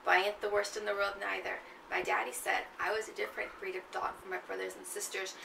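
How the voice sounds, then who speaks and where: Woman reading as a quiet polite Southern killer. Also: medium pitch, level tone, fast talker, gravelly, a little hiss or hum. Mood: calm polite menace. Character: soft-spoken Southern male escaped killer. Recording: echoey room, mic at a distance.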